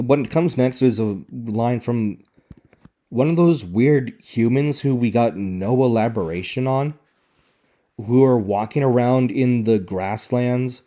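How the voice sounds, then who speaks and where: A man's voice: mid-range voice, slow pace, warm tone. A man giving sarcastic, exasperated commentary as he picks apart a show's dialogue. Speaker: video reviewer. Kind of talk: critical commentary on show dialogue.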